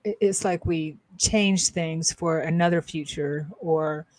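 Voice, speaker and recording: A woman's voice: deep voice, unhurried, a little mellow, no echo. A woman co-hosting a casual spiritual talk show as a psychic-medium, telling her story in a rambling, hesitant way with many fillers and restarts.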